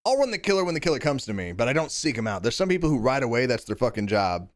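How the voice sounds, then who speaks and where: A man livestreaming a game, chatting casually with excitable, profane, rambling banter and yelling at teammates. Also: medium pitch, racing. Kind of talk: live gameplay commentary.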